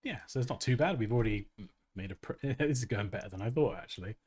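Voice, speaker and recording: A man's voice: medium pitch, expressive, fast talker, darkish tone, slightly rough. A man hosting a casual design tutorial livestream, chatty and self-mocking, who laughs often and reads chat comments aloud.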